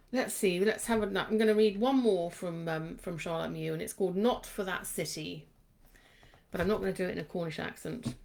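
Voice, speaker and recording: A woman's voice: mid-range voice, fairly quick, vocal fry. A middle-aged woman from England, reminiscing and reading poems aloud in a reflective, lingering way, often repeating words. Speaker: poetry reader.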